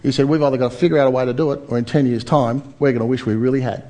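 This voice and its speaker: A man's voice: medium pitch, racing. Aussie guy pumping up a seminar crowd, lots of stories and questions. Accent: Australian. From Australia. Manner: energetic, storytelling, questions to audience. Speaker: property seminar speaker. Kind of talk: motivational seminar talk.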